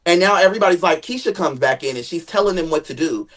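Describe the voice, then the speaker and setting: A guest chatting casually about family drama, animated, jumping into high dramatic tones and swearing freely. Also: fast. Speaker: guest sharing family stories. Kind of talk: casual gossip chat.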